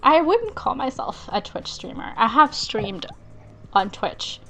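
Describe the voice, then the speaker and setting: A woman's voice: sits high, big pitch swings, unhurried, fairly bright tone, a little hiss or hum. A young woman co-hosting a casual live stream from her computer's webcam mic, giggly and hesitant, with lots of fillers. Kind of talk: casual live stream chat reading out questions.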